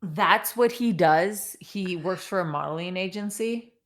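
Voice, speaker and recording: Slow low-voiced woman podcaster. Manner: relaxed, dry questions, laughs easily. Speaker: podcast co-host. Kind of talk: casual reality TV recap chat.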